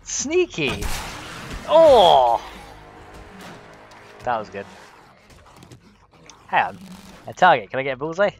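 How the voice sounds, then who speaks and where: A young man giving a let's play commentary, chatting as he plays with sudden excited exclamations. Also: mid-range voice, moderate pace, pauses often, faint music behind. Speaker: gaming video host. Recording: game sounds with insect buzz behind.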